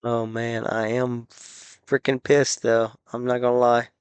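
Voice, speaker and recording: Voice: mid-range voice, level tone, takes it slowly, smooth, no room sound. A gaming streamer giving casual commentary while playing, frustrated, swearing and muttering at the game.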